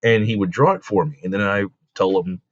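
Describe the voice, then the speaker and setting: A man, a comic book creator, telling stories casually in an interview, full of fillers and quick laughs. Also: lowish voice, no room sound. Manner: rambling, with many fillers like "like" and "you know". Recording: dull lo-fi dry recording.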